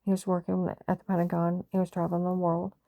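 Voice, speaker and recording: Gravelly low-voiced woman recounting a story. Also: monotone, quick pace, warm tone, dry recording. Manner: agitated, repeats herself, reenacts conversations. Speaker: vlogger recounting a personal story. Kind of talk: rambling personal monologue.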